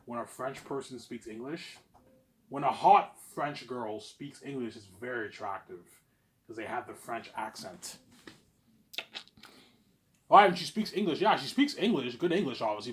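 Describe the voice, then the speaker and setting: A man vlogging in a rambling, repetitive monologue, boastful and swinging between loud bursts and low mumbles. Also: lively intonation, normal speed. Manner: repetitive, boastful, keeps saying obviously.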